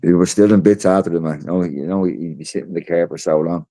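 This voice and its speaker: A man's voice: low voice, steady tone, fast, no echo. A man chatting casually on a podcast, telling stories with plenty of swearing and acted-out quotes. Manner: swearing, storytelling with loud re-enacted quotes. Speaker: podcast co-host. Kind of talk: casual chat.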